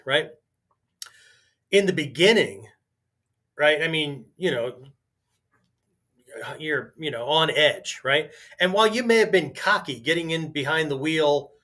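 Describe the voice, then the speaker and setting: A man's voice: a little high, a bit bright. Chatty man who keeps asking "right?". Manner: conversational, constantly asks "right?", restarts sentences. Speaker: podcast host and martial arts teacher. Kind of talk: casual podcast monologue.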